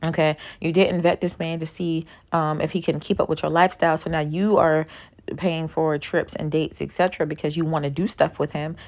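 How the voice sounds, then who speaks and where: A woman in her thirties vlogging with a deep, low voice. She lectures bluntly and swears freely in casual reaction commentary. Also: little pitch movement, fairly quick, a little mellow. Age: 30s.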